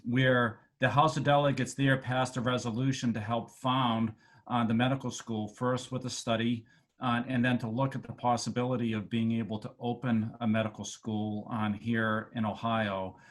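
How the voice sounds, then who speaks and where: A man with a Boston accent giving a halting speech over a video call to alumni, with many fillers and restarts. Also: medium pitch, level tone. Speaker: medical school dean addressing alumni.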